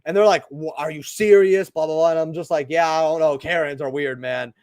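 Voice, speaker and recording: A man's voice: fairly high pitch, fast, dry recording, studio quality. A young man hosting a card-opening video, telling a rambling workplace story in casual chat with lots of asides and "right?" tags. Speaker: channel host opening trading cards.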